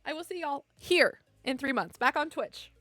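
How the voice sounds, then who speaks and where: A young woman streamer talks straight to her chat in a casual, emotional goodbye, laughing often. Her voice sits a bit high. The mic is close and dry, with faint music underneath. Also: lively intonation, normal speed, pushed and bright, no echo.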